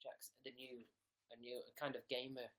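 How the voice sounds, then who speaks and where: A man's voice: mid-range voice, little pitch movement, normal speed, fairly bright tone. A man chatting casually on a livestream in a playful way. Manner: playful, laughing at himself.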